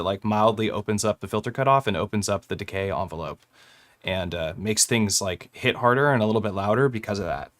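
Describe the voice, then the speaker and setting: A man's voice: on the low side, fairly bright tone. A young man casually walking through how he made a track on his hardware, rambling a little and correcting himself with small laughs. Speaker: music producer demonstrating gear. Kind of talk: casual gear tutorial.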